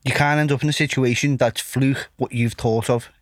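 A boxer appearing as a guest talks in casual chat, earnest and reflective. He circles back to the same stock phrases as he speaks. His voice sits at a middle pitch for a man. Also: fairly even intonation, normal speed, no echo, studio quality.

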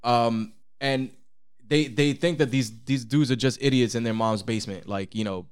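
A man co-hosting a podcast in casual chat, animated and profane, with big pitch swings when he quotes people. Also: normal speed, smooth. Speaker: podcast co-host.

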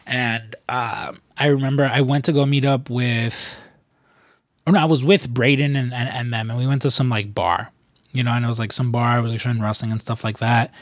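A man's voice: mid-range voice, steady tone, fairly quick, no room sound, clean studio sound. A man co-hosting a podcast, telling stories in a loose, profane way with lots of fillers. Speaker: podcast co-host. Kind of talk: casual chat.

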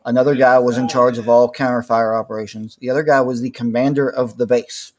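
A man from Mississippi talks as a podcast guest in a laid-back way, with dry humor. His voice sits at a plain middle pitch. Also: flat delivery, brisk, a little mellow. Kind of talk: casual chat.

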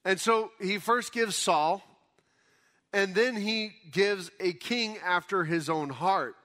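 A pastor preaching a conversational sermon, explaining scripture casually in everyday words. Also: male voice, high voice, slow pace, sharp tone. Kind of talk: conversational Bible teaching sermon.

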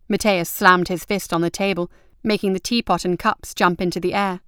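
A woman reading a novel aloud as an audiobook narrator in measured, even storytelling. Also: fairly low pitch, clean tone, dry recording, clean studio sound. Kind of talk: scripted narration.

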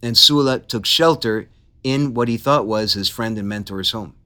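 Bright-voiced man telling history casually. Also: lowish voice, moderate pace. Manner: animated, laughs easily, playful asides. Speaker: podcast host. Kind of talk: casual history podcast storytelling.

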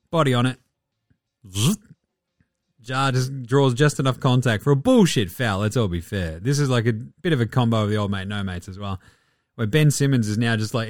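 A man hosting a casual sports recap, excitable and sarcastic, swearing freely. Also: medium pitch, dry recording, studio quality. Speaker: host.

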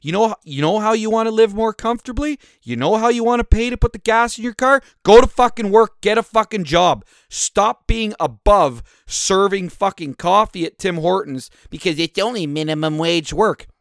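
A man delivers a solo podcast rant, cursing freely and jumping from loud outbursts to quieter grumbling. His voice sits a little higher than most men's. The recording is close and dry, with no room sound around it. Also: lively intonation, moderate pace, hardly any pauses, no echo. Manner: profane, angry ranting with swings in volume. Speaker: podcast host.

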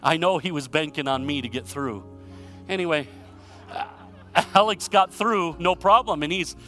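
A pastor from Michigan delivers a sermon in a fairly high, bright voice. He tells stories and poses rhetorical questions, swinging from loud emphasis to quiet, hushed lines. Soft music plays faintly underneath. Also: moderate pace. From Michigan, USA.

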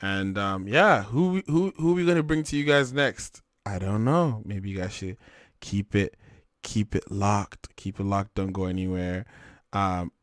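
A young man hosting a casual talk show, laid-back and animated, with plenty of slang and fillers. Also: on the low side, unhurried, dry recording, clean studio sound. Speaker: podcast host. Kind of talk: casual chat.

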